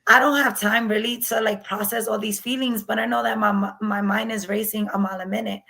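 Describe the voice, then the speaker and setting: A woman's voice: medium pitch, fairly even intonation, a little fast, creaky, pushed and bright, poor audio. A woman, speaking candidly as an interview guest recounting her own experience and acting out past conversations. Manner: candid, acts out past dialogue. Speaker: guest sharing her story. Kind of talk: personal storytelling.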